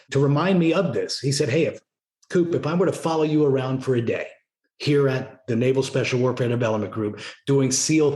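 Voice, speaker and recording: Here the former SEAL leader's mid-range voice carries a reverberant sound. A middle-aged man in a casual podcast interview, he spins animated stories and keeps returning to "right?" and "you know."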